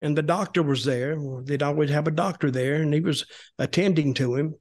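A man's voice: on the high side, a little fast, darkish tone. An older American man casually telling a long story, rambling with restarts and acting out what others said. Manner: rambling, restarts, acts out quoted voices. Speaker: storytelling guest, former wrestler.

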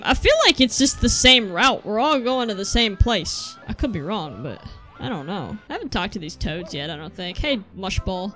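High, lively woman yelping through a game. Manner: excitable, swears often, yelps and laughs at mishaps. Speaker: gameplay streamer. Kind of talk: casual gameplay commentary. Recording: faint game music behind.

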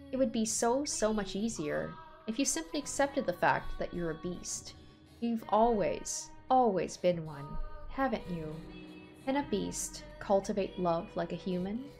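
Woman reading cold mocking unseen woman for a game, measured and scornful, mid pitch. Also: a little mellow, lightly acted.

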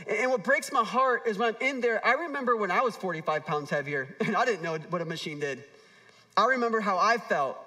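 A man in his thirties preaching a sermon to a church audience. He tells stories and acts out quoted voices, moving between hushed asides and emphatic appeals. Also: high-pitched, fast, distant mic. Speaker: pastor.

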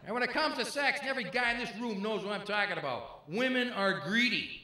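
A man's voice: sits high, expressive. A man in his fifties doing a stand-up comedy routine, punchy and teasing, working the crowd. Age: 50s. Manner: punchy, teasing crowd work with quick jokes. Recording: live club, echoey with crowd noise. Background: audience laughter.

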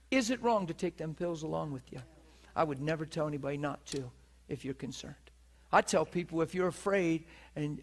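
A male preacher delivering a sermon with vivid storytelling. His voice sits a little high for a man and turns lively as he acts out scenes for his listeners. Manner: animated, laughs at his own story, acts out the people in it. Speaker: preacher teaching on divine healing. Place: teaching session before a listening audience.

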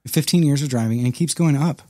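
A man's voice: a little high, a little mellow, dry recording. A man in his thirties, a guest on a podcast, talking in an easygoing way and laughing often. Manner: easygoing, laughs often, quick bursts of talk. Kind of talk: casual interview chat.

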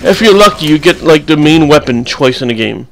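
A man's voice: on the high side, animated, a little fast, creaky. A young man giving casual, rambling, crude and joking voice-over commentary on his gameplay clips.

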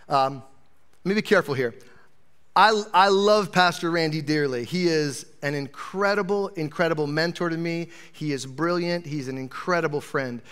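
Man, associate pastor, sermon, high-pitched, joking, conversational. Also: a bit bright. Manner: joking, chatty preaching to a live congregation.

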